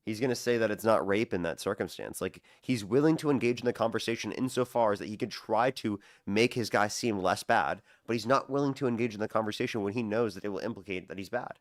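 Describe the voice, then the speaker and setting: Fast-talking young man streaming live. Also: on the low side, no echo, clean studio sound. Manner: rapid-fire, repetitive thank-yous to donors. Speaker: livestream debate host. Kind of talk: casual livestream talk.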